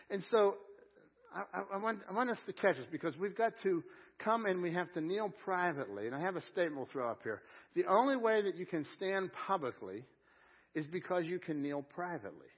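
A male pastor preaching to his congregation at a live service, his voice pitched a little high. He is earnest and drags out key scripture phrases for weight. The sound is slightly dull and lo-fi. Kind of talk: sermon. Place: church sanctuary at a live service.

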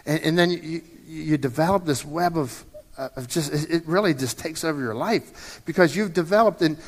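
A man's voice: fairly high pitch, moderate pace, long reverb tail. A man in his fifties preaching a sermon as a pastor, in a conversational way that often repeats and restarts words. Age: 50s.

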